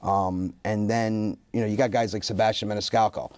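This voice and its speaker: A man's voice: on the low side, fairly quick, clear, resonant tone, no echo. A man, a comedian guest, telling funny stories in a casual interview and jumping into the voices of the people he quotes. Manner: animated, acts out quoted voices.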